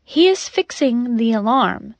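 A woman lends her own voice to a nervous male bank manager in a learners' storybook, hushed and pleading. The voice sits fairly high and moves slowly, with a dry, close sound. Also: lively intonation, creaky, no echo. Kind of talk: graded reader story for learners.

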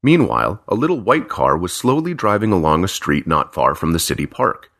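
A man narrating a simple graded story slowly and carefully for language learners. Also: low-pitched, big pitch swings, gravelly, fairly bright tone. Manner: slow, careful, evenly paced reading.

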